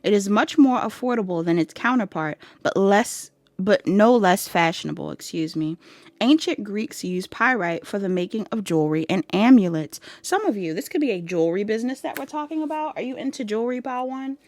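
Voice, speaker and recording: A woman's voice: medium pitch, expressive, fairly quick, darkish tone, no room sound. A woman doing a casual pick-a-card tarot reading to her viewers, chatty and giggly, calling them y'all. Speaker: tarot reader.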